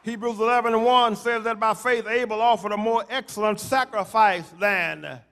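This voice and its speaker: A man preaching a sermon, repeating phrases and rising to shouted climaxes. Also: high-pitched, moderate pace. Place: church sanctuary.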